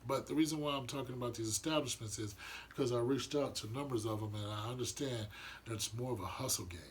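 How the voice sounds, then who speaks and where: A man's voice: medium pitch, fast talker, a little hiss or hum. A man giving an earnest, rambling monologue about spiritual matters, often restarting his sentences. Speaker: vlogger sharing spiritual views. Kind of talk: casual reflective monologue.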